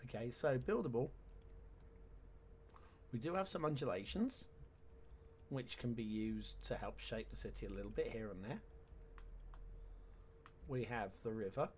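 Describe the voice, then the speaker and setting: A chatty man talking through a city-building game at a relaxed mid pitch. His commentary is casual and wry, full of sarcastic asides, over a faint hum of background noise. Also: moderate pace, pauses often. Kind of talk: casual let's-play commentary.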